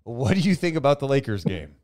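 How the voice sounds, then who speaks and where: Animated man chatting sports. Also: medium pitch, fast. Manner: animated, lots of fillers. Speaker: podcast co-host. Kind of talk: casual sports chat.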